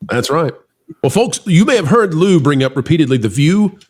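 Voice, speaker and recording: A man hosts a casual news commentary chat with a fairly high voice. He talks in an animated way, teasing his co-hosts and exclaiming often. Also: normal speed, husky. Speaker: show host.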